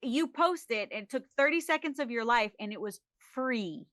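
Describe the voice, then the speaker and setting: A woman, a social media expert guest on a podcast, talking in a lively, emphatic, joking way. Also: on the high side, normal speed. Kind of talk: casual interview chat.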